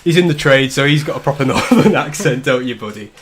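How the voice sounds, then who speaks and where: A man's voice: mid-range voice, expressive, quick pace, a crowd in the background. A man from the north of England hosting a casual drinking livestream, cracking jokes and swearing with loose banter. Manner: swearing, joking banter with frequent laughs. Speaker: livestream host. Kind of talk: casual drinking-stream chat.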